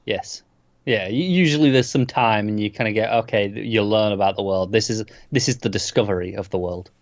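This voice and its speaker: A man co-hosting a casual movie discussion, relaxed and agreeable with dry quips. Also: fairly low pitch, fairly quick, no room sound. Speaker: podcast co-host. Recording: slightly dull, dry sound.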